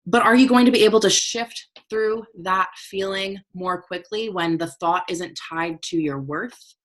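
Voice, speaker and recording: A woman's voice: mid-range voice, a little slow, a bit bright. A woman teaching about emotional intelligence in a conversational, motivational way. She keeps checking in with her listeners and talks frankly, with the odd swear word. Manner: frank, uses casual swearing.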